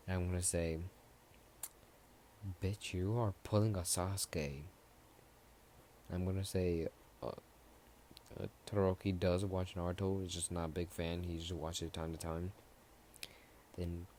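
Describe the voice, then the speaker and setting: A man's voice: sits low, level tone, moderate pace, a little mellow, a little hiss or hum. A man casually narrating his own fan story, rambling and offhand with frequent fillers.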